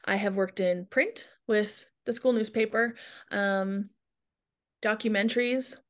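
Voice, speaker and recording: A woman's voice: mid-range voice, fairly even intonation, slow pace. Chatty woman hosting a podcast. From Alberta, Canada. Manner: chatty, self-deprecating, emotional at times. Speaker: podcast host. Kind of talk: casual podcast chat.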